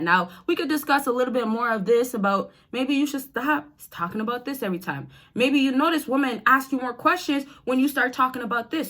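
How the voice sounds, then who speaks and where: A woman's voice: fairly high pitch, a bit bright. Chatty woman giving dating advice. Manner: chatty, direct, addresses viewers as y'all and fellas. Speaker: dating coach. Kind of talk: casual advice vlog to camera.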